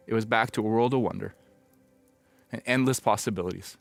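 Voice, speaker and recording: A middle-aged pastor telling a personal story in a conversational, reflective sermon, now and then acting out old conversations. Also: male voice, medium pitch, fast, vocal fry, soft background music.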